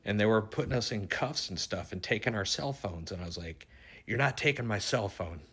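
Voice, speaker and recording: A man's voice: fairly low pitch, brisk, husky. A middle-aged man casually retelling a strange dream, rambling and swearing freely as he goes. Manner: rambling, swears freely, grows more excited toward the end. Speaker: dream storyteller.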